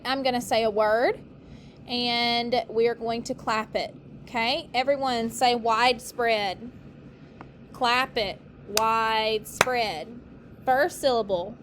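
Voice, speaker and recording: A woman teacher giving a recorded phonics lesson, sounding out words clearly in call-and-response drills for the class. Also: a little high, a little hiss or hum.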